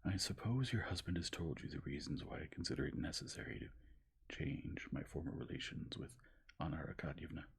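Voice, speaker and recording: Man playing a cold, formal aristocrat in a whispered role-play; low, airy, clipped. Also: expressive, fairly quick, gravelly, breathy edge, full character voice. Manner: stiff, formal, bitter. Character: cold, wounded aristocratic husband.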